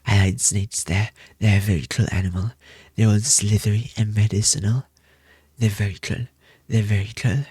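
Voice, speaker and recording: Husky playful young male streamer. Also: fairly low pitch, fairly even intonation, normal speed, a little mellow, no echo. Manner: rambling, playful, self-deprecating, repeats phrases. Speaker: VTuber streamer. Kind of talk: casual debut stream chat.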